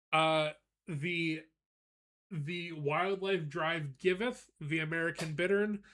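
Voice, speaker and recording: Bright-voiced man telling a rambling story. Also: a little high. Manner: rambling, animated storytelling with frequent laughs; greets chat viewers between anecdotes. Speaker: streamer. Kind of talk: casual live-stream chat.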